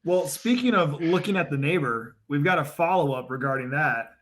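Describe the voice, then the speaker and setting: A man's voice: on the high side, animated, normal speed, a bit bright. A man hosting a casual podcast chat, steering things with playful, teasing banter. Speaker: podcast host.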